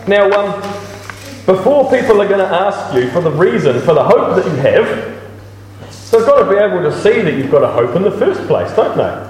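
A man gives a relaxed, earnest church talk, self-deprecating and conversational, his voice rising and falling a lot. He is caught from a distance in a big, echoing church hall with long reverb and a faint background hum. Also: high-pitched, moderate pace. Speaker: lay preacher giving a church talk. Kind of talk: casual sermon. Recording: echoey hall, mic at a distance.

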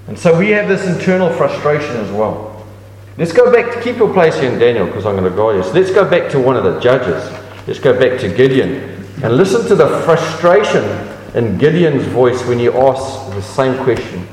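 A man giving a sermon in a conversational preaching style, leaping up in pitch to stress a point and often restarting his sentences. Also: big pitch swings, fairly quick, darkish tone, slight background noise. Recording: echoey hall with long reverb.

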